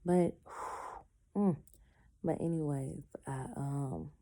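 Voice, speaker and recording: A woman's voice: low voice, very slow, mellow. A woman telling a personal story casually, acting out the people she quotes and stopping now and then to say she is in pain.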